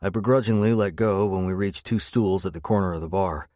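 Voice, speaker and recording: A man's voice: sits low, a little fast, warm tone, dry recording, studio quality. A man narrating a first-person romance audiobook with a wry, sardonic edge. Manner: wry, sardonic inner monologue.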